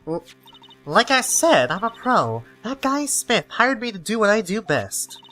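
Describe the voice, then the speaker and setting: Guy putting on a smug card-shark lady for a game, slow tough talk, lively voice, faint game music. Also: sits high, voice pushed up, heavily acted. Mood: scheming. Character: scheming female card-sharp dealer, smug.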